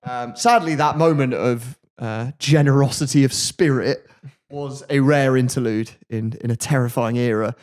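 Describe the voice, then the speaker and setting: Male podcast host, mid pitch, chatty and wry, casual storytelling delivery. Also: fairly even intonation, normal speed, darkish tone. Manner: chatty, wry, jokey retelling.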